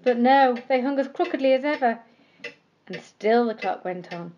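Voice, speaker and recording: A woman storyteller reading children's bedtime stories aloud in a gentle, expressive way, slowing down on key words. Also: a little high, highs cut off. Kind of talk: scripted bedtime story narration.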